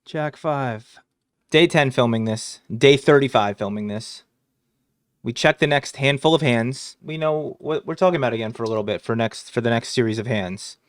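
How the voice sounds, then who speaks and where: A man's voice: medium pitch, moderate pace, no echo, clean studio sound. Crude joking man reviewing poker hands. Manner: crude, joking, rambling with swearing. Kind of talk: casual hand review commentary.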